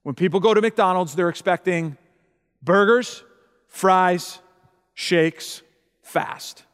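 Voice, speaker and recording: A middle-aged man preaches a sermon as a pastor, his voice high, slow and smooth, under long hall reverb. He repeats his points and often checks in with listeners by asking "okay?"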